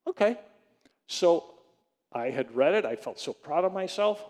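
A middle-aged man, a pastor preaching a sermon, telling a story in an animated way and acting out both sides of phone calls. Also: a little high, moderate pace. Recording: long reverb of a hall.

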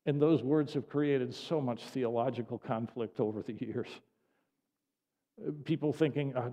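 A man delivering a sermon in an animated, conversational storytelling way with frequent asides. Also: mid-range voice, measured pace. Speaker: preacher. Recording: dull lo-fi audio with long hall reverb.

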